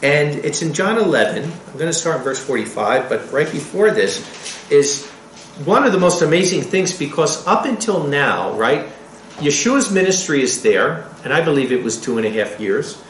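Мужчина-проповедник, оживлённо читает проповедь, высокий голос, гулкая комната с лёгким фоном. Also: male voice, on the high side, normal speed, roomy sound, slight background noise, poor audio. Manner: animated, acts out quotes. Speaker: preacher. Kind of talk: sermon.

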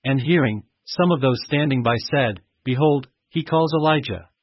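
A man giving a steady, measured reading of scripture. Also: mid-range voice, no room sound. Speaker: scripture reader. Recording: muffled dry recording.

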